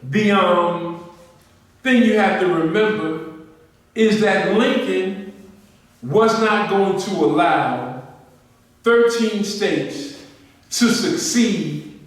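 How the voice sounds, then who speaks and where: A man delivers a history lecture to a group. He speaks slowly in a high voice, pressing his points with questions and repetition. He is heard from a distance in a roomy, echoing hall. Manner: questioning, emphatic, repeats points. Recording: echoey room, distant mic.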